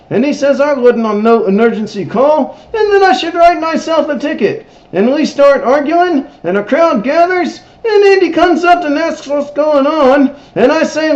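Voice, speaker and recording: A man hosting a TV episode recap, telling it in character in an excitable, emphatic way. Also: very high-pitched, moderate pace, few pauses. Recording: roomy, dull lo-fi recording.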